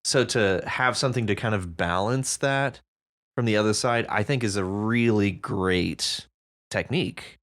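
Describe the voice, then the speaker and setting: A woman's voice: a bass voice, unhurried. A woman co-hosting a podcast, chatting casually about submitted stories in an easygoing, reflective way and laughing heartily. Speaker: podcast co-host.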